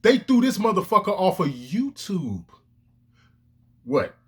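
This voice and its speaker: A man's voice: high voice, very animated, unhurried, a bit bright, husky. A man ranting to his own camera in heated, profane commentary, with emphatic outbursts. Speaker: vlogger. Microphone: camera lens, self-recorded.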